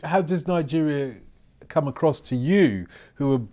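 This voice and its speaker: A man's voice: fairly high pitch, measured pace, warm tone. A man hosting a podcast and asking a guest direct, probing questions. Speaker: podcast host, interviewer. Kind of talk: interview questions.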